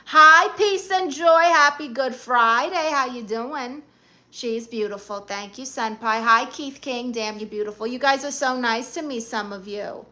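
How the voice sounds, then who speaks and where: A man's voice: very high-pitched, a little slow, heavily acted. A man doing a sassy Spanish-accented auntie. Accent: Spanish-accented English. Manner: brassy, teasing, dramatic, greets fans warmly. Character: sassy, flirty middle-aged Latina aunt. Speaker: livestream host. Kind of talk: in-character live-stream comedy chat.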